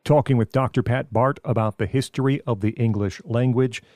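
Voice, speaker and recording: A man's voice: medium pitch, steady tone, a little fast, a little mellow, no room sound, studio quality. A man hosting a podcast interview, posing short framing questions to his guest. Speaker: podcast host.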